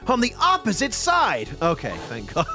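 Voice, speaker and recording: A man's voice: high-pitched, wildly swooping pitch, moderate pace, music in the background. A man playing through a courtroom game with friends, reading dialogue dramatically and chatting. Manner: playful, dramatic line reading. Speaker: game player and reader. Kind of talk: let's play chat and dialogue reading.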